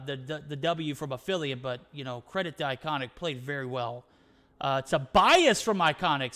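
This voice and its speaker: A man's voice: sits high, a bit bright. A man casting a live esports stream, hyped and bantering as he runs through player names. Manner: hyped, rapid name-listing banter. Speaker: esports caster.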